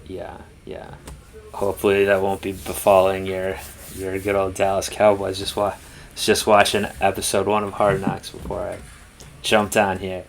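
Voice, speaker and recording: Man, low flat gravelly voice, rambling casual chat, reaction show co-host. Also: moderate pace. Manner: rambling, laid-back, filler-heavy.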